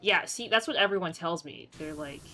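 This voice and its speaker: Bright-voiced rambling streamer. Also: mid-range voice, fairly quick, soft background music, low-quality recording. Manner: rambling storyteller, many fillers; playfully sarcastic. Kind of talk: casual livestream chat.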